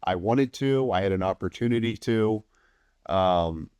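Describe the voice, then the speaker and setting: A man guesting on a podcast who tells stories in a relaxed, animated way, acts out what other people said, and swears casually. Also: fairly low pitch, unhurried, clear, resonant tone, no echo, clean studio sound. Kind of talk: casual anecdotal storytelling.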